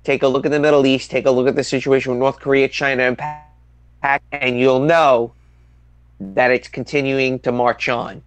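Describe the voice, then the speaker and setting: A man's voice: medium pitch, little pitch movement, moderate pace, clear, resonant tone, dry recording. A man hosting a podcast, moving from casual chat into emphatic political commentary and repeating his points for effect. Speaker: podcast host.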